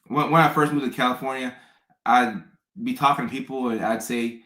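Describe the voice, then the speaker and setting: A man's voice: mid-range voice, fairly even intonation, fairly quick, a bit bright. Rambling man in a roomy echo. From Southern US. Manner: rambling, with frequent restarts and fillers. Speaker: content creator. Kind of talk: casual storytelling monologue.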